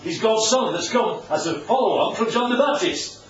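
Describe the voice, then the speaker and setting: A man preaches with a high, very animated voice and keeps checking in with his listeners. He sounds far from the microphone, and the dull recording is soaked in the echo of a large room. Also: normal speed. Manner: chatty, asks the audience questions. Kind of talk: informal Bible teaching with slides.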